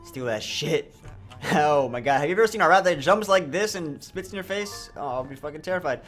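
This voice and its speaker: A young man giving comedic, joking commentary over a video game, often breaking into loud sworn outbursts. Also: on the high side, lively intonation, fairly quick, soft background music. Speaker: gaming YouTuber.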